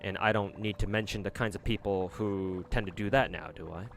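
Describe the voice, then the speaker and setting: Brief: casual male streamer, low voice, rambling chat with fillers, faint hiss behind. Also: fairly even intonation, a little fast, creaky.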